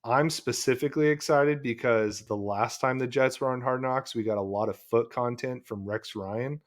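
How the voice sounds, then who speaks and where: A man's voice: medium pitch, normal speed. A man co-hosting a podcast in casual sports chat, laid-back, laughing often and calling his co-host "dude".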